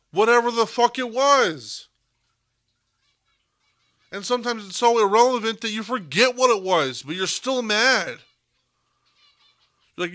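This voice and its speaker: A man's voice: fairly high pitch, fairly bright tone, no room sound, studio quality. A young man hosting a podcast, delivering an intense monologue that swears freely and hammers points home by repeating them. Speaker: podcast host.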